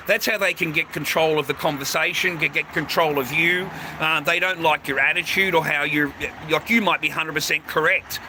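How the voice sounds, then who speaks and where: Filming on a noisy city street with traffic passing, an Australian-accented vlogger rambles in a blunt, foul-mouthed, casual monologue, calling the listener "mate" repeatedly. He has a fairly high, steady voice and keeps a moderate pace with few pauses.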